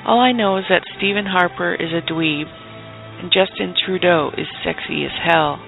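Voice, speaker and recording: A man's voice: high voice, moderate pace, creaky, pitched above the performer's own voice. A man voicing a brash, flirty Canadian woman bureau chief who says "eh" and "hosers" in a mock news report. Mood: cheeky. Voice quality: exaggerated Canadian "eh" and "hosers" talk. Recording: tinny phone-like sound with faint music.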